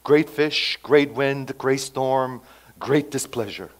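A man preaching an expository sermon in an animated way, swinging between loud emphasis and soft asides and asking rhetorical questions. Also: mid-range voice, slow, poor audio.

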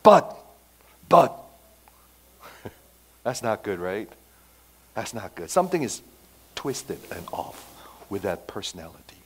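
Animated male preacher with sudden volume swings. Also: fairly low pitch, a little slow, long pauses, a little hiss or hum, low-quality recording. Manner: animated, sudden swings between loud and soft, rhetorical questions. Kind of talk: expository sermon.

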